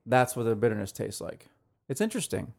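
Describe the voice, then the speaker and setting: A man's voice: medium pitch, very animated, brisk, gravelly. A man co-hosting a casual podcast, describing beers and albums in an easygoing way, full of "like" fillers. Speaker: podcast co-host. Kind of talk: casual chat reviewing beer and music.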